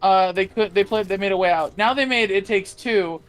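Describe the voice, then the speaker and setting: A podcast co-host in casual chat, telling a game's story in a rambling, animated way with lots of fillers and casual swearing. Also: medium pitch, normal speed, clean tone, faint music behind. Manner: swears freely. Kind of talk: casual chat about video games.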